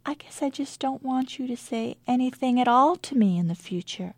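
A woman's voice: high-pitched, lively intonation, moderate pace, a little mellow, no echo, pitched above the performer's own voice. Lady reading as an earnest schoolgirl who's upset, says it straight.

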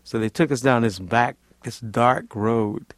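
A man's voice: mid-range voice, unhurried, no echo. A man from Louisiana, a Vietnam veteran, telling his story in a rambling, vivid way that is full of "like" and "you know". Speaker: Vietnam veteran, former Marine. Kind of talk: casual storytelling interview.

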